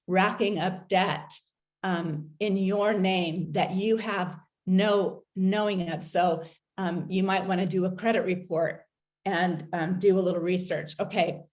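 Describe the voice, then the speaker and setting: A woman hosting a talk, giving recovery and safety advice in an earnest, measured way with frequent pauses. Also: fairly low pitch, steady tone, darkish tone.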